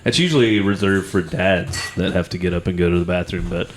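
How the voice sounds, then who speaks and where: A man's voice: deep voice, a little fast, slight background noise. A man hosting a casual podcast, teasing his guest and joking with the listeners. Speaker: podcast host.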